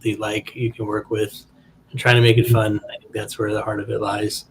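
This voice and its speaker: Easygoing comic creator, laughs often. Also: male voice, lowish voice, monotone, a little fast, a little hiss or hum. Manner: laughs easily, loose and joking. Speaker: guest, indie comic creator. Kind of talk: casual podcast chat.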